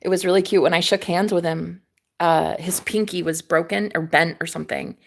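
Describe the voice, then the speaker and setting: A woman's voice: lowish voice, fairly quick, vocal fry. A young woman telling a personal story in a casual, chatty way, swearing freely and acting out what others said. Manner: animated, chatty, swears freely, acts out quoted voices.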